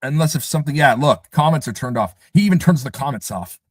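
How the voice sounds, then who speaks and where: A man runs a live stream in a casual, scoffing way, hammering the same points over and over. His voice sits at an everyday pitch. The sound is dry and close, with no room in it. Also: expressive, quick pace, slightly rough, dry recording. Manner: emphatic, repeats himself, scoffing. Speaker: livestream host.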